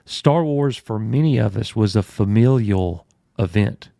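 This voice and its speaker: A man's voice: on the low side, lively intonation, a little slow, gravelly, dark tone, no room sound, clean studio sound. A man co-hosting a casual live stream, telling friendly stories and thanking viewers by name. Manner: friendly, storytelling, addresses chat by name. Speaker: co-host.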